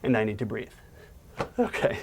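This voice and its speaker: A man in a making-of feature who explains how episodes are written, then pitches a cartoon scene by acting it out. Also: moderate pace, gravelly, slight background noise. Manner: lively, acts out scenes. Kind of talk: animated story pitch.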